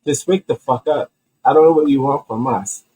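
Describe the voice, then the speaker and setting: A man's voice: mid-range voice, normal speed, dark tone, breathy edge, low-quality recording. A man hosting his own comedy commentary show, ranting with heavy swearing and rambling restarts. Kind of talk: profane comedic rant.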